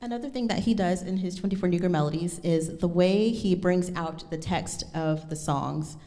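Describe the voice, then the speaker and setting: A woman's voice: lowish voice, normal speed, warm tone, in a large hall. A woman giving a lecture recital, speaking thoughtfully and correcting herself with frequent ums. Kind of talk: lecture presentation.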